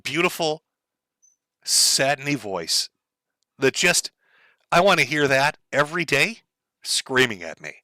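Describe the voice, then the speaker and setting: A man's voice: mid-range voice, very animated, moderate pace, pushed and bright, no echo. A man streaming live, giving profane, mocking commentary over clips.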